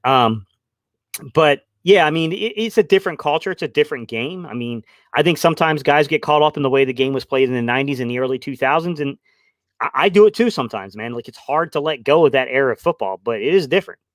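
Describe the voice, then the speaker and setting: Male sports show host, rapid, dry-sounding, laid-back. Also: mid-range voice, lively intonation, no echo. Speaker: podcast host. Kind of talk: casual sports talk.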